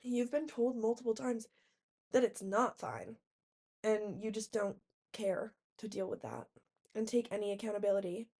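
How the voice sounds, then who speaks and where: A woman's voice: mid-range voice, moderate pace, husky. A young adult woman recounting a personal story in a casual diary vlog, talking animatedly, saying "like" a lot and acting out quotes. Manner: animated retelling, heavy use of "like", acting out quotes. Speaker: diary vlogger.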